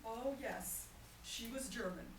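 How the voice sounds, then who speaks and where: A woman's voice: a little high, slow. A woman delivering a wry, self-mocking comic monologue on stage. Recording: roomy hall from far off, some noise.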